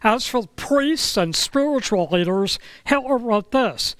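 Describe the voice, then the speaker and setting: Male pastor, sermon storytelling, slow unhurried pace, dry close sound. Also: extremely high pitch, expressive, fairly bright tone, no room sound. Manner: slow, measured delivery with dramatic pauses.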